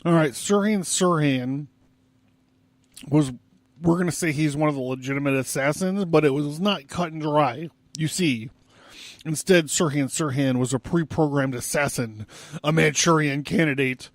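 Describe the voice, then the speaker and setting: A man's voice: fairly high pitch, moderate pace, no echo. A young man hosting a casual history podcast, rambling loosely with lots of fillers and asides. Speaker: podcast host.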